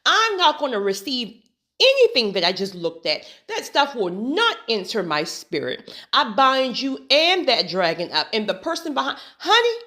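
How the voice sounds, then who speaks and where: A woman's voice: fairly high pitch, moderate pace. Woman with a black way of talking, preachy chat to her followers, voice swings up and down a lot. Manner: animated, preachy, laughs often, says "honey" and "right?". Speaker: spiritual talk host. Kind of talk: casual faith-based monologue.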